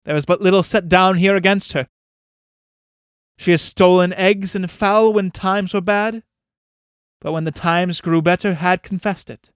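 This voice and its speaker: A man's voice: sits high, fairly even intonation, a little slow, clear, resonant tone, no room sound, clean studio sound, voice pushed up. A man reading a scornful soul-merchant. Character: mocking male soul-merchant, scornful and proud.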